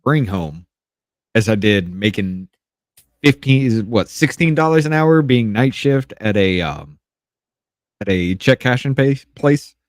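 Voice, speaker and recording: A man with a lowish voice, talking on a podcast close to the mic in a dry, dead room. He tells his story in loose, restarting phrases and swears freely. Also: lively intonation, unhurried, no room sound. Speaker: podcast co-host. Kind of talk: casual podcast chat.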